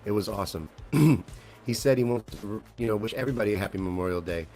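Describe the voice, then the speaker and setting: A man's voice: fairly low pitch, fast talker, darkish tone. A man hosting a live comedy stream, rambling and swearing freely while he riffs on memes and news and asks viewers questions.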